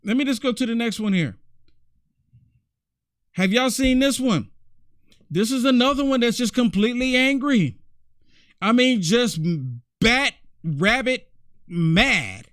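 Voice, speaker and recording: A man's voice: very high voice, lively intonation, a little slow, pauses often, dry recording, clean studio sound. A man hosting a commentary show, talking in a mocking, repetitive way. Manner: mocking, repetitive, many "I mean"s. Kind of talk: political commentary monologue.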